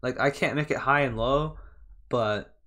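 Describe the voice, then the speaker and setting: A man's voice: mid-range voice, a little slow, pushed and bright. A young man casually talking over a reaction video of himself, chatty and laughing at himself often.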